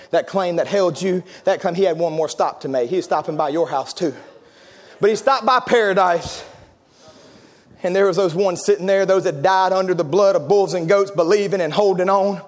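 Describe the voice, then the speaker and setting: A man preaching in a church, building to impassioned shouted climaxes, with music and a congregation heard behind him. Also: high voice. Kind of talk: sermon.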